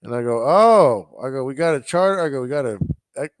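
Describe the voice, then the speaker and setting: A man's voice: medium pitch, fast talker, smooth, dry recording. A man with a mid-range voice co-hosting a podcast. He tells a rambling anecdote in casual chat and mimics the people in it. His voice sounds dry and close to the mic. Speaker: podcast co-host.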